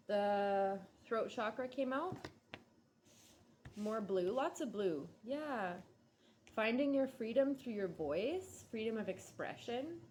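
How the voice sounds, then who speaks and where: A woman's voice: fairly high pitch, darkish tone, a little hiss or hum. A woman giving a casual tarot reading, musing and hesitant, drowsy and yawning. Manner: slow, musing, hesitant with many ums and likes. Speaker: tarot reader.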